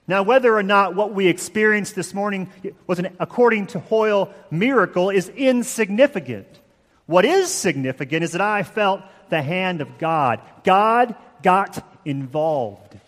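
A man preaching a sermon, measured and emphatic, with slow dramatic pauses. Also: high voice, animated, a bit bright, in a large hall. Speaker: pastor.

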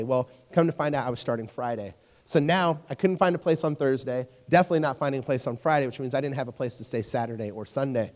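A man's voice: mid-range voice, fast talker. Man preaching with a storyteller's energy in a reverberant hall. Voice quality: storytelling, jokey and animated, talks to crowd. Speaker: youth pastor. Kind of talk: sermon. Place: church hall.

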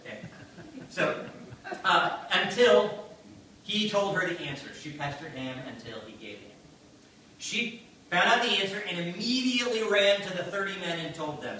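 A man preaching a sermon in an animated, conversational way, telling a story and acting out the quotes. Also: a little high, normal speed, a little hiss or hum. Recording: very echoey, distant mic, faint ambience.

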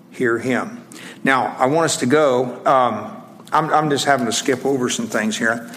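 A man preaching a sermon in a conversational, halting way, with frequent pauses and restarts, slowing down to stress scripture phrases. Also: mid-range voice, fairly bright tone, slight background noise.

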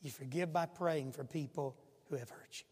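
A male pastor preaching with a high, ringing voice that rises to loud pleas and drops to hushed emphasis. His sermon carries a long reverb from a large sanctuary. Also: normal speed, breathy edge.

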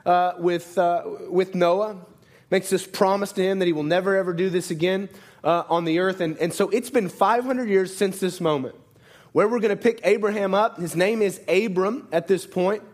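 A man's voice: sits high, normal speed. A man preaching a sermon in a conversational way, often asking "right?" and restarting his sentences. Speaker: pastor.

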